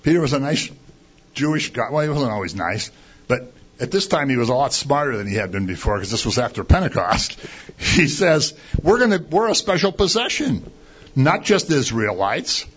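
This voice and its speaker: A man's voice: mid-range voice, moderate pace, husky. A man preaching a conversational sermon, acting out complaints and firing rhetorical questions. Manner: animated, acts out quoted complaints, rhetorical questions. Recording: dull lo-fi recording.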